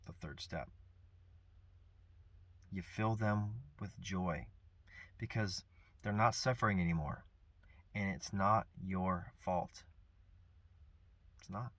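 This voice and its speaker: A man speaking earnestly and reflectively about grief and forgiveness, soft-spoken with pauses. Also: low-pitched, no room sound. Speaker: vlogger sharing personal grief. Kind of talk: reflective personal talk.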